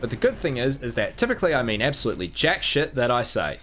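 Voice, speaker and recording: A man's voice: medium pitch, sing-song, quick pace, fairly bright tone, a little hiss or hum. A man from New Zealand chatting casually while streaming a game, rambling and self-mocking with many restarts. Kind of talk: casual gameplay chat.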